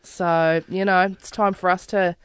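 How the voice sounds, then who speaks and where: A woman's voice: fairly low pitch, level tone, measured pace, clear, resonant tone. Laughing woman co-host. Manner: laughing, playful. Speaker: radio co-host. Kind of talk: casual radio banter. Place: radio studio.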